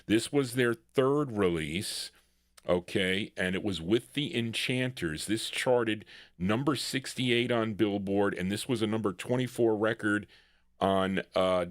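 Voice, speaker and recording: A man's voice: fairly low pitch, dry recording, clean studio sound. A man hosting a live oldies record show, rambling between songs with many fillers and self-interruptions. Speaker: radio-style show host and DJ.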